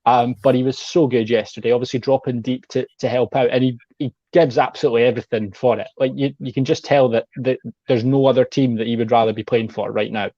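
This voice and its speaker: A man's voice: mid-range voice, fairly even intonation, quick pace, hardly any pauses, warm tone, no echo, highs cut off. A man talking football as a guest, rambling and saying "like" a lot. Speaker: guest pundit. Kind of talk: casual chat.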